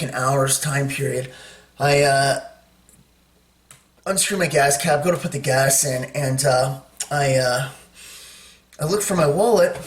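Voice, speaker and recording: A man's voice: mid-range voice, fairly bright tone. Man, casual rambling storytelling, lots of fillers, distant mic, echoey room. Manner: rambling, lots of fillers, acts out his own quotes.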